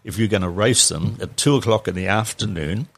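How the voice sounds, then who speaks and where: A man's voice: fairly low pitch, brisk, gravelly, fairly bright tone, husky, dry recording. An older man reminiscing plainly as an interview guest, matter-of-fact. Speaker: podcast guest.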